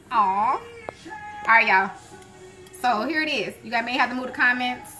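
Chatty cooking host, gospel music behind. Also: female voice, on the high side, sharp tone. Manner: chatty, talks straight to viewers, bursts into joyful praise. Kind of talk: casual live cooking stream chat. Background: gospel music playing.

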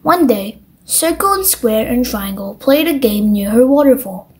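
A woman reading a children's picture book aloud as a bedtime story, gently and at a measured pace. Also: fairly high pitch, lively intonation.

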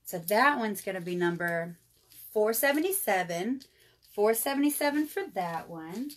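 A jewelry seller in her 30s chats through a live jewelry sales stream, calling her viewers y'all. Her medium-pitched voice is expressive and her speed normal.

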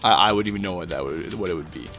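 A man's voice: deep voice, rapid-fire, pushed and bright, faint music behind. A young man from Canada rambling through casual gameplay commentary, full of fillers and self-deprecating asides. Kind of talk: casual let's-play commentary.

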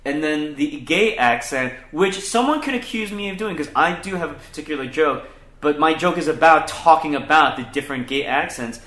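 A man's voice: on the high side, expressive, normal speed, sharp tone. A man, a comedian hosting a casual chat, talking profanely and with animation, mocking other people's voices. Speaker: comedian podcast host. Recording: echoey room.

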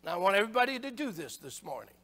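A male pastor preaching a sermon, emphatic, building to shouts on rhetorical questions. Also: high voice, big pitch swings, very fast. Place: church sanctuary. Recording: long church hall reverb.

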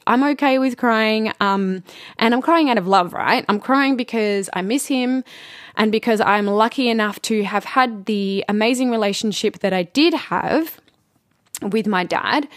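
A woman in her thirties, a spiritual intuitive hosting a personal podcast, speaking gently and reflectively with many pauses and fillers. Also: medium pitch, no echo, studio quality.

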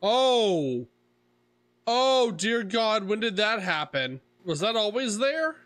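A man's voice: sits high, very animated, slow, a bit bright. A man commentating on his own horror game play, jumpy and swearing, talking back to the characters on screen. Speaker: gaming streamer.

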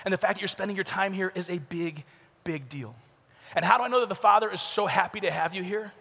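A man's voice: high-pitched, fast, vocal fry, slightly rough. A middle-aged man giving a youth conference talk in a large arena. He tells comic stories with lots of energy and then turns earnest. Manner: animated comic storytelling, earnest. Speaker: conference speaker. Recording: long reverb of a large hall.

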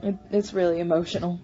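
A woman's voice: mid-range voice, a little mellow. Woman vlogger, casual chat, stammering restarts, slightly muffled sound, faint background hiss. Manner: halting, many restarts and stammers. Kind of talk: casual personal vlog. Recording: slightly muffled home recording.

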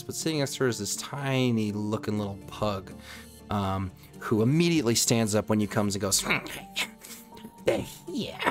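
A man narrating as game master of a tabletop role-play game, rambling and full of ums. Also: fairly low pitch.

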